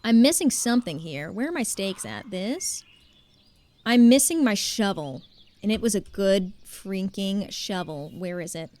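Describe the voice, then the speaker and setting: Animated young woman streaming a game. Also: mid-range voice, unhurried. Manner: chatty and animated, talks to chat. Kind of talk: casual gameplay commentary.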